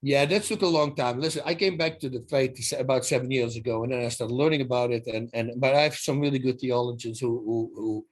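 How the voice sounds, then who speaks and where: A man's voice: mid-range voice, quick pace, few pauses. A middle-aged man from the Netherlands, telling stories in a casual interview and acting out the dialogue, with many restarts. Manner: animated storyteller who acts out dialogue, many restarts. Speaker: guest.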